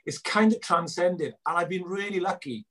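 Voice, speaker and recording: A middle-aged man, a filmmaker being interviewed, telling animated stories and acting out both sides of conversations. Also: high-pitched, normal speed. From Wales. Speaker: guest filmmaker. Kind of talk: casual interview chat.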